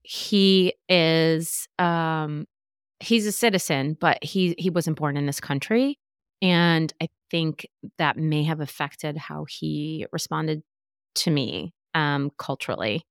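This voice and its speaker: A woman's voice: deep voice, slow, smooth, no echo, studio quality. A woman hosting a podcast, telling a personal story candidly, with many fillers and restarts. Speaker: podcast host. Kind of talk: casual chat.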